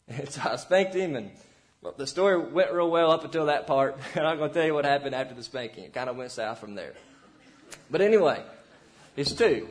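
A young pastor with a notably high voice delivers an earnest sermon to parents. He urges and exhorts, then drops to quiet, almost hushed asides before rising again. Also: animated, moderate pace, pauses often.

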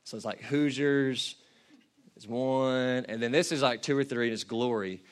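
A man preaching a passionate sermon, building from quiet reflection to shouted peaks. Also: mid-range voice, moderate pace, clean tone. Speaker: pastor.

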